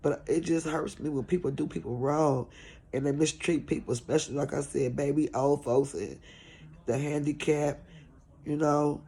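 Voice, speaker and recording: A woman's voice: deep voice, fairly even intonation, normal speed, mellow, slightly rough. A middle-aged woman caregiver vlogging in an earnest, pleading, repetitive way about showing compassion. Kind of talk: heartfelt preachy vlog talk.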